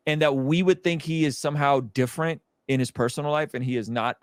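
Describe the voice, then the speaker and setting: A man's voice: mid-range voice, fairly even intonation, fairly quick, no room sound, clean studio sound. A man giving critical, sarcastic commentary in a video clip. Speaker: online commentator.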